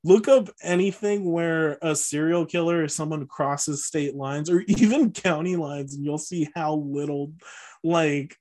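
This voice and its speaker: A man's voice: a little high, measured pace, darkish tone. A man co-hosting a podcast, casually recapping a movie plot with lots of fillers and frequent laughs. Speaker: podcast co-host.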